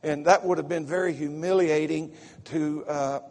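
Pastor with a slight Southern lilt, excitable and folksy, fairly high voice, echoing through a big sanctuary. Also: male voice, moderate pace. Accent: Southern US, slipping in from home visit. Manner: excitable, folksy preaching with repetitions and asides. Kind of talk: sermon. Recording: echoey sanctuary reverb.

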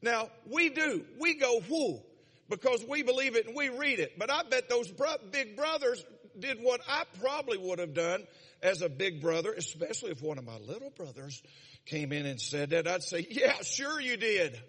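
A man preaching a sermon, retelling a story with lively acted-out voices. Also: high-pitched, normal speed. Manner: animated, dramatizes scenes with voices. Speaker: pastor. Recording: long reverb of a large hall.

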